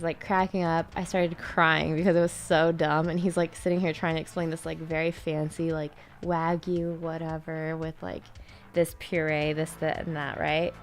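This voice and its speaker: Giggly woman telling a story, low-ish voice. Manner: giggly, laughs through her storytelling. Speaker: co-host, married to the other host. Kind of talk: casual chat.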